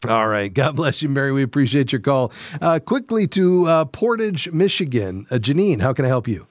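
A man's voice: mid-range voice, big pitch swings, normal speed, dry recording. A man hosting a call-in radio advice show, friendly and reassuring, explaining things step by step to callers.

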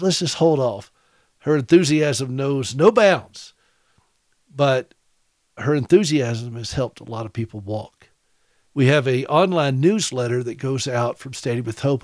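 A man's voice: medium pitch, a little mellow, no room sound, studio quality. Folksy middle-aged male radio host. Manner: folksy, chuckling storyteller. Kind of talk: casual monologue, storytelling.

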